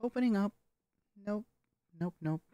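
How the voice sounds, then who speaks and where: A woman vlogger talking casually about her voice training, hesitant and halting, with frequent swearing. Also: mid-range voice, warm tone, no echo. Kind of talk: casual vlog commentary.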